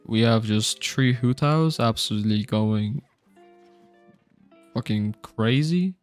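A young man streaming a video game, reacting loudly, swearing and reading his chat aloud. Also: mid-range voice, a little slow, no room sound, faint music behind. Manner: excitable, swears a lot, reads chat aloud. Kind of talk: gaming livestream commentary.

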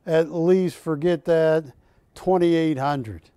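Slow-talking man selling on live TV. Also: on the high side, mellow, clear, resonant tone, no echo, clean studio sound. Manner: joking, rambling storyteller, counts prices down. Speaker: shopping channel host. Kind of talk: live TV sales pitch and banter.

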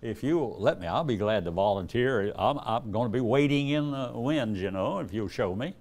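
An older evangelist with an expressive, mid-range, darkish voice speaks at normal speed. His sermon is built on folksy stories, with dialogue acted out in a raised voice and plenty of chuckles.

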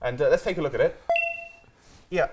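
A man's voice: a little high, a little fast, noisy background. A man hosting a comedic news panel show, bantering with guests in a teasing, sarcastic way. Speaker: host.

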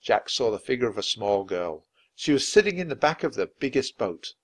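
A man narrating a children's chapter book in a clear, measured read-aloud style. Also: mid-range voice, very animated. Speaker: storybook reader.

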